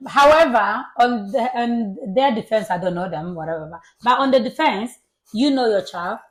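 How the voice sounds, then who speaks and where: A woman's voice: a little high, lively intonation, moderate pace. A mother co-hosting a casual chat show, talking earnestly and repeating words for emphasis. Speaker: co-host.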